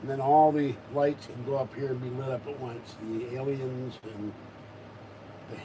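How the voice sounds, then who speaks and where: A man's voice: medium pitch, steady tone, normal speed, background noise. A man vlogging at home, chatting casually in a rambling way with wry asides. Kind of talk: casual chat.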